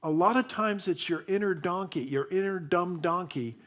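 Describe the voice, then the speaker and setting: A man's voice: high-pitched, normal speed, fairly bright tone. Chatty man preaching a sermon. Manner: chatty storytelling with many fillers and restarts. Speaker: minister.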